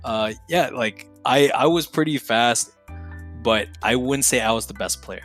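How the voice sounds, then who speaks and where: A man's voice: mid-range voice, measured pace, a bit bright, faint music behind. A young man in his twenties, a streamer on a podcast, telling stories in a loose, slangy, profane way and laughing between phrases. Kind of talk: casual storytelling chat.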